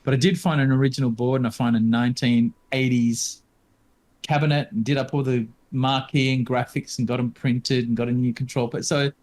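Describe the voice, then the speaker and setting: Speaking a little fast in a mid-range, slightly mellow voice with a steady tone, this fifties-aged podcast co-host keeps things casual. He hesitates often, filling the chat with ums and restarting sentences.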